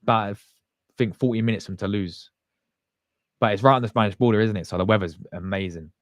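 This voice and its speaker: A man with a fairly low voice talks casually to his livestream viewers. He rambles in a loose, slangy way, often restarting his sentences. The sound is dry and close, with no room echo. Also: steady tone, fast. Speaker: fan channel host.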